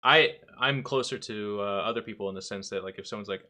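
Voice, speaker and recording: A man's voice: on the low side, steady tone, quick pace, hardly any pauses, sharp tone. A man hosting a podcast in casual chat, candid and rambling, often acting out quoted dialogue. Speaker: podcast host.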